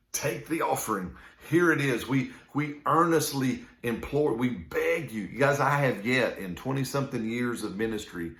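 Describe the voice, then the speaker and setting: A man's voice: medium pitch, fairly bright tone, reverberant. A man teaching from the Bible, reading scripture aloud and checking in with "right?". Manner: conversational, reads scripture aloud, frequent "right?" asides. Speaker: minister. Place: indoor room filmed on a camera.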